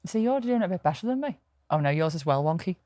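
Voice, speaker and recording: A woman's voice: lowish voice, expressive, fast talker, dark tone, no echo, clean studio sound. A woman with a Liverpool accent co-hosting a podcast, chatting in a blunt, sweary, self-mocking way. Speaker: podcast co-host. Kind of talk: casual chat.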